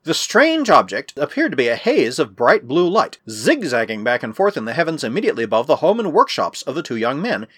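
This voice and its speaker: A man narrating an adventure story in a measured, expressive reading. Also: fairly high pitch, slightly rough, no echo, studio quality. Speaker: audiobook narrator.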